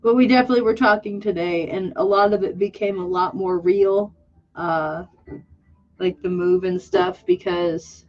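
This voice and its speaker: A woman's voice: on the low side, steady tone, normal speed. A young woman vlogging casually while she draws, talking in a rambling, candid, self-mocking way with many restarts and a teary edge. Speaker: vlogger and artist. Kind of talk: casual chat while drawing. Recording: muffled lo-fi audio.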